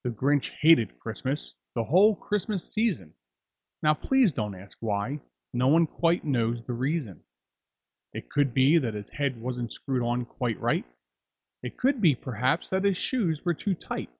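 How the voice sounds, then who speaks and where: Man, host, storybook reader, husky voice, slow and dramatic. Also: mid-range voice, darkish tone, poor audio. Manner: dramatic, drawing out repeated words. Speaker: narrator and show host. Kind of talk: storybook reading of rhyming verse.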